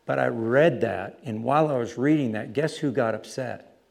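A man preaching, telling a story about street preaching with lively, animated delivery and acted-out voices. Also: medium pitch, normal speed, vocal fry. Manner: animated storytelling, acting out other voices loudly. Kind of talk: sermon with storytelling.

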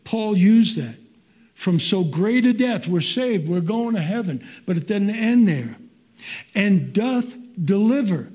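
A man's voice: high-pitched, warm tone, husky. An older man preaching a sermon in an earnest, conversational way with folksy asides.

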